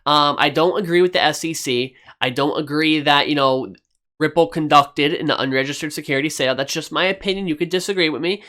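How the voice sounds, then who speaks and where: A man's voice: on the high side, fairly quick, pushed and bright. A man hosting his own finance video, giving his opinions in a casual, conversational way, with lots of "you know" and "okay".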